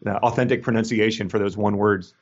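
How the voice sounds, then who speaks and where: A man's voice: fairly low pitch, steady tone, quick pace, muffled recording. A man co-hosting a podcast in casual chat, talking with many fillers and restarts and laughing often. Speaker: podcast co-host. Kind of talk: casual chat reviewing a book.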